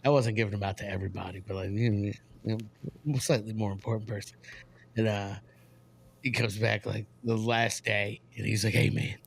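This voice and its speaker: A man's voice: lowish voice, steady tone, brisk, vocal fry, slight background noise. Chill podcast dude, laughs a lot telling his story. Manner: laid-back, says dude and bro a lot, laughs easily. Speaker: podcast co-host. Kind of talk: casual chat.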